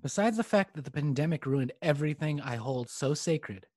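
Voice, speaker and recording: A man's voice: on the high side, expressive, moderate pace, a little mellow. A young man from the American Midwest, co-hosting a podcast in goofy, profane casual banter. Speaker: podcast co-host.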